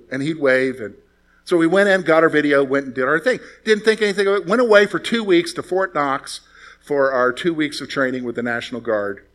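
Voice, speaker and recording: Speaking in a medium-pitched, slightly bright voice, a male pastor preaches conversationally. He tells stories and asks his congregation rhetorical questions.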